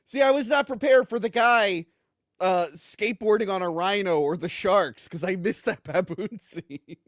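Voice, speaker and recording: A man with a slightly high voice talks casually about movies, laughing often and acting out little quotes. The sound is dry and close, with no room echo. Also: normal speed. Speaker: guest film reviewer. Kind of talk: casual podcast chat.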